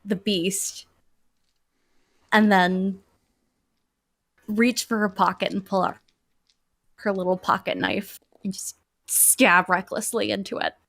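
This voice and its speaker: A woman's voice: medium pitch, fairly even intonation, slow, gravelly, long pauses, fairly bright tone, no echo. A woman playing a tabletop game, eager and upbeat as she describes her character's actions. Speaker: player.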